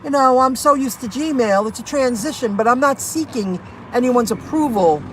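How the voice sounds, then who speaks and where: A woman's voice: high voice, normal speed. Indignant woman venting from a noisy car. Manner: chatty, indignant storytelling, reads viewer comments aloud. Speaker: rideshare and delivery driver vlogger. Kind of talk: casual venting chat to viewers. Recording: noisy car and street background.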